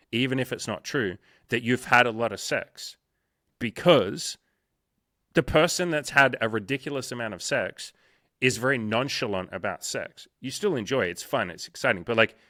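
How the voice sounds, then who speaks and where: A young man coaching on dating speaks bluntly and swears freely, acting out little quoted exchanges as he goes. His voice is bright and forceful. The sound is dry and close. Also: fairly low pitch, a little fast, no room sound. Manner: blunt, profane, animated storytelling with acted quotes. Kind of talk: casual interview chat.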